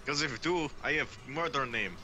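A man's voice: mid-range voice, brisk, sharp tone, soft background music. A man voicing a shady male phone caller who speaks in cryptic broken English. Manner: terse, cryptic, ungrammatical.

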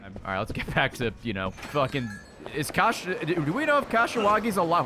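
Excitable, swearing male game streamer. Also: high voice, a little fast. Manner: excitable, profane, yelling. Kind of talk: gameplay commentary. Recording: game music under voice. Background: game music.

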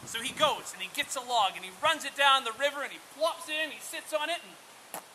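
A man who is a camp instructor, telling a traditional story outdoors in a lively, conversational way. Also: very high voice, fairly quick, slight background noise, low-quality recording. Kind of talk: oral storytelling.

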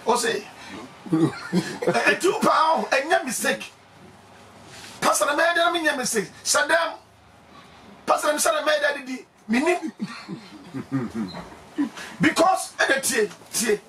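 High-voiced, animated Ghanaian preacher man. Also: measured pace, pauses often, far from the mic, a little hiss or hum. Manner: emphatic, laughing, bursts of shouting.

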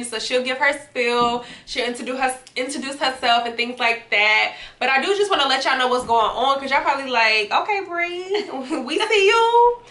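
A woman's voice: high voice, bright, forceful tone, roomy sound. A woman hosting a casual reaction chat at home, chatty and slangy, laughing often as she talks. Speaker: YouTube reaction host. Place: home setup with hookah and wine.

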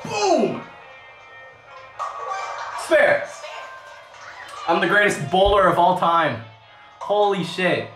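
A woman streaming a game, excitable and swearing often, yelling when she scores. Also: lowish voice, measured pace. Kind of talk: live game stream commentary. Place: bathroom. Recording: echoey bathroom, distant from mic, faint game music.

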